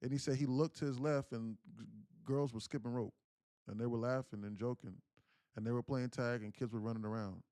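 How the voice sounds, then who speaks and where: A man's voice: medium pitch, steady tone, a little fast, smooth, no echo, studio quality. A young man, hosting a day trading livestream and telling a personal story in casual, slangy speech with lots of fillers. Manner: emotional storyteller, acts out quoted pleas loudly.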